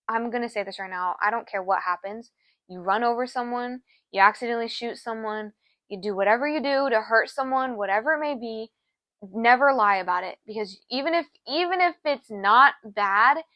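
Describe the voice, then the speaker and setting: A woman's voice: mid-range voice, fairly bright tone, no echo. A young adult woman co-hosting a podcast, telling a personal story in an earnest, emotional way and acting out other people's words. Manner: earnest, emotional, acts out quoted voices. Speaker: podcast co-host.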